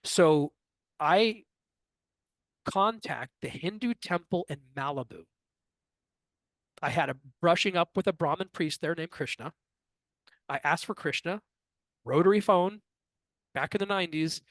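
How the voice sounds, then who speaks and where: A middle-aged man, an astrologer being interviewed, telling a personal story in a lively way and acting out what others said. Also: on the high side, measured pace, pauses often, no room sound. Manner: lively, acts out others' lines in quotes. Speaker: astrologer guest.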